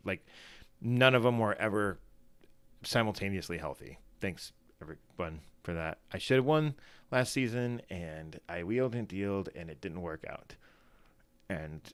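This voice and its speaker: A man's voice: low voice, a bit bright, smooth, no room sound. A man hosting a casual solo livestream in his morning voice, rambling and self-deprecating with lots of fillers and restarts. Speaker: fantasy football streamer.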